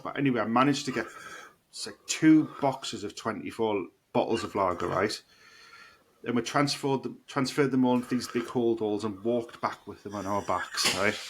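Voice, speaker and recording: A man co-hosting a podcast, telling a rambling story in casual chat and swearing freely. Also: medium pitch. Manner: animated, swearing, laughing storyteller. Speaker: podcast co-host. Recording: noisy podcast recording.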